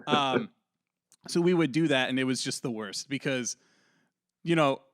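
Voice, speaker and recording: A man's voice: mid-range voice, a little slow, dry recording. Laid-back man, dry close sound. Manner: laid-back, laughs often. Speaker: podcast host. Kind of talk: casual chat.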